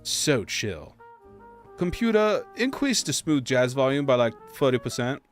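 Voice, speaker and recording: Lively-voiced man chatting on a game stream. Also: mid-range voice, a little slow. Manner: chatty, greets and answers viewers. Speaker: streamer host. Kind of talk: casual livestream chat. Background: soft jazz music.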